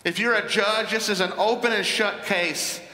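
A man preaching in a church, slowing down to stress key words as he walks through a Bible passage. His voice is high and bright, and it rings out into a large hall with a long, echoing reverb. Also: steady tone. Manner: deliberate, emphatic Bible exposition. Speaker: pastor. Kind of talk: sermon.

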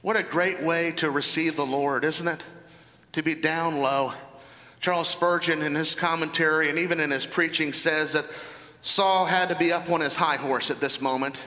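Male pastor, earnest sermon delivery with rhetorical questions; sharp, bright tone in a reverberant hall. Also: fairly high pitch, fairly even intonation, normal speed.

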